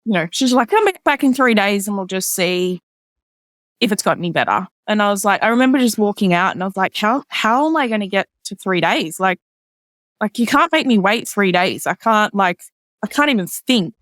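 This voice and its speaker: A woman's voice: animated, a little fast, fairly bright tone, no echo, clean studio sound. Chatty woman with lots of "like". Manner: chatty, many "like" fillers; acts out others' lines in a higher voice. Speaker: podcast guest. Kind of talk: personal storytelling in casual chat.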